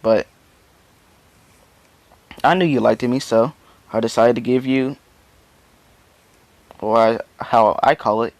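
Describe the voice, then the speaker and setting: A man voicing a cocky young male dragon fighter who stays relaxed and teasing, in a casually retold fan story. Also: mid-range voice, slow pace, long pauses, no echo. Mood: smug. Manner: laid-back, teasing confidence.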